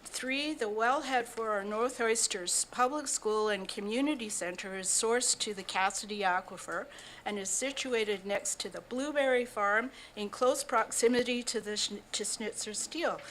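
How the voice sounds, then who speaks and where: A woman's voice: fairly high pitch, normal speed, a bit bright, a little hiss or hum, low-quality recording. An older woman from Canada, a public delegate at a council meeting, reading a prepared statement in an earnest, slightly breathless way. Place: council chamber.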